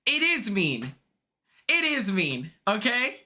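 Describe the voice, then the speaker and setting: A young man chatting casually on a live stream, excitable and chatty, greeting viewers by name from his home. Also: high-pitched, slow.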